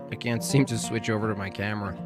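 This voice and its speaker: A man's voice: fairly low pitch, fairly quick, over loud music. A Canadian man hosting a livestream, chatting casually and joking with his viewers while he fixes his stream setup. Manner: rambling, joking, talking to chat while fixing his stream. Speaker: livestream host.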